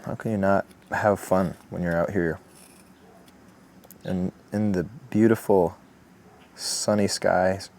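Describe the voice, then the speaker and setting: A man talking through a woodcarving tutorial outdoors in a relaxed, chatty way, with asides. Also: low voice, slow, vocal fry, pauses often. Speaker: woodcarving instructor. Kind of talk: step-by-step tutorial narration. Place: outdoors in the morning.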